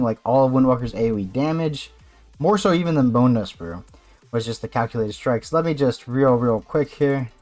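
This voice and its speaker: A man streaming live, reacting to a game and swinging into loud mock rants. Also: medium pitch.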